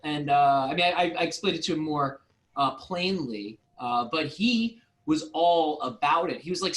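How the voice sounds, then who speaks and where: Man, co-host, casual storytelling, laughs often, high-pitched. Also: lively intonation, measured pace, fairly bright tone, rough recording. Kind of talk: casual storytelling on a group call.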